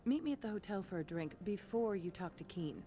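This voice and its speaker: Give me a woman playing a wry, confident female game agent with a warm, mellow tone. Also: mid-range voice, expressive, a little fast, soft background music, lightly acted. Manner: wry, teasing. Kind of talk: video game voice acting.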